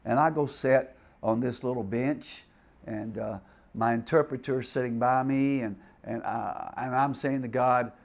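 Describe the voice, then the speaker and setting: An older man preaching and telling a story in a sermon, stammering and repeating words as he talks with animated energy. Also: medium pitch, measured pace, vocal fry.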